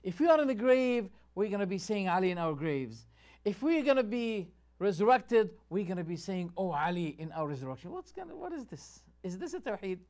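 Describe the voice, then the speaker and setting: A man's voice: sits high, very animated, a little fast, darkish tone. A man, a sheikh presenting a show and commenting on video clips with rhetorical questions and muttered asides.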